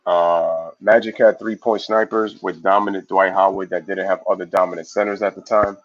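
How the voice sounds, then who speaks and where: A man hosting a casual live sports stream, reading viewer comments aloud and giving shout-outs in a loose, slangy way. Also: low voice, normal speed, muffled recording. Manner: loose, slangy, animated opinions.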